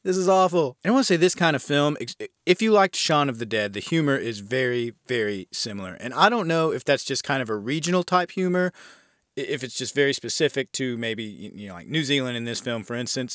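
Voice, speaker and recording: A man's voice: medium pitch, a bit bright, dry recording, studio quality. An American man hosting a horror film podcast, giving a casual, rambling film review and swearing freely.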